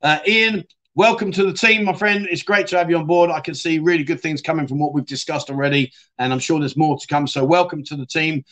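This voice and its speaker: A man's voice: on the high side, steady tone, fairly quick, fairly bright tone. Chatty man hosting a livestream. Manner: chatty, jokey, reads out viewer comments. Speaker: livestream host. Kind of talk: casual livestream chat reading comments.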